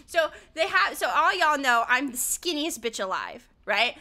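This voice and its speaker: A young woman from the American South talks with a high, bright voice that swoops up and down as she chats with her stream audience. She rambles, swears often and breaks off with sudden yelps while she plays. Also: a little slow, hardly any pauses. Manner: chatty, animated, swears freely, yelps at the game. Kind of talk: casual chat while gaming.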